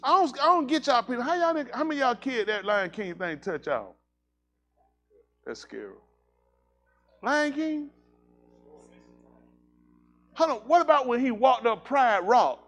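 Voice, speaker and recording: A male pastor joking with his congregation in casual banter, teasing people and breaking into loud exclamations, before settling into preaching. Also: very high-pitched, very animated, a little slow, pauses often, dull audio.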